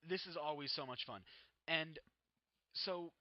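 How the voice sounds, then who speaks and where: A man's voice: a little high, measured pace, dry recording, highs cut off. A teenage boy chatting casually over gameplay, rambling and cutting himself off as he tells stories. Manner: rambling, self-interrupting storyteller. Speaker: gaming vlogger.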